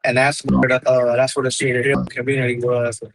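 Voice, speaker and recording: A man's voice: medium pitch, monotone, a little fast, vocal fry, a little hiss or hum, poor audio. A man speaking as a guest on a live panel, talking heatedly about history and swearing often. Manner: heated, swearing, repeats words. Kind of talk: casual profane chat.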